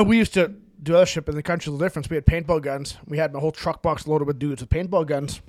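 A man's voice: a little high, fast talker, a little mellow, dry recording, clean studio sound. A man co-hosting a podcast, telling rowdy stories in casual chat, laughing often as he goes. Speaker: podcast co-host.

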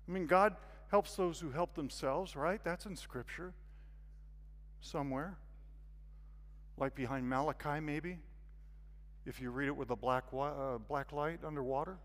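A high-voiced man tells a sermon as a vivid story, jumping from quiet asides to shouted excitement. His voice carries a long reverb from a large hall. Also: measured pace, long pauses. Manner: animated, acts out scenes with sudden loud bursts. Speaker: guest speaker.

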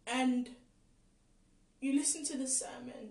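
Woman, earnest impassioned faith talk, fairly high voice, heard from a distance. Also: fairly even intonation, unhurried. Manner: earnest, impassioned, repeats for emphasis. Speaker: podcast host. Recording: echoey room, away from mic.

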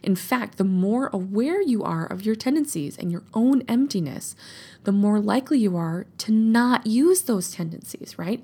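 A woman coach in her thirties giving a gentle, reassuring teaching talk and often checking in with "right?". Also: medium pitch, breathy edge.

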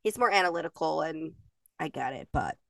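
A woman's voice: sits low, expressive, a little fast, vocal fry, fairly bright tone, dry recording, far from the mic. A woman in her thirties, co-hosting a podcast and telling stories in a chatty, emotional way, laughing often. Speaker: podcast co-host. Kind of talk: casual chat.

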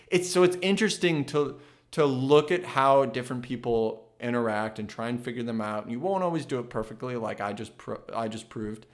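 Earnest man thinking aloud, mid pitch. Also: a little fast. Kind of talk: casual reflective monologue.

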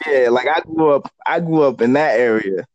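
A man's voice: medium pitch, normal speed, highs cut off, slight background noise. A man, a podcast guest chatting casually and telling rambling stories. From New York. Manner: laid-back, rambling storyteller.

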